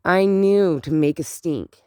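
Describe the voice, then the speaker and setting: A middle-aged woman ranting in a casual outdoor vlog, animated and indignant, rambling with many fillers, recorded on a handheld phone. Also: fairly low pitch, slow, clean tone, no echo, clean studio sound. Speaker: vlogger. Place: outdoors in cold morning air.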